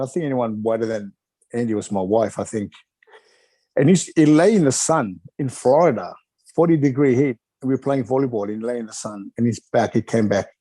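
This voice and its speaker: A man's voice: mid-range voice, warm tone, slightly rough, dry recording. A middle-aged man from Wales, a retired wrestler, reminiscing in a rambling, chuckling way with lots of filler phrases.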